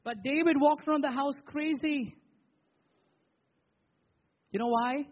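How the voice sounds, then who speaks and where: A man preaching a sermon as pastor, posing rhetorical questions with emphatic pauses. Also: extremely high pitch, fairly even intonation, lo-fi sound.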